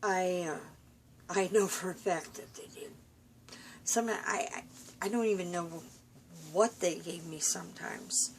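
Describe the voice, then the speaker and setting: A tired woman rambling in a personal vlog from a room at home, halting and confiding, full of fillers and restarts. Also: on the low side, slight background noise. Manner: weary, confiding. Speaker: vlogger.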